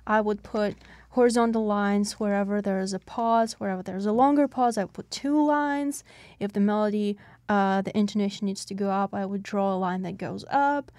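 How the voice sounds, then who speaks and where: A woman's voice: medium pitch, moderate pace, a little mellow, dry recording, clean studio sound. A woman co-host recounting her acting school habits with enthusiasm in a casual interview. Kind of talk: conversational podcast chat.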